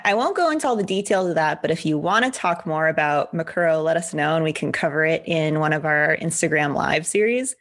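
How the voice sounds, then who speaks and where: A woman's voice: on the low side, fairly bright tone. A woman co-hosting a casual anime discussion, talking with playful, teasing asides. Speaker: co-host.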